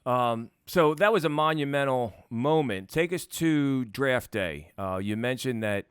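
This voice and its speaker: A man hosting a podcast, asking friendly, halting interview questions. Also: mid-range voice, lively intonation, clear, resonant tone, no echo, clean studio sound. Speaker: podcast host.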